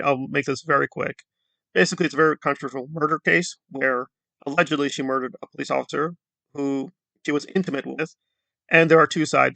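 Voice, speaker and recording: A man giving casual YouTube commentary in a self-described monotone delivery. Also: fairly high pitch, gravelly, no room sound.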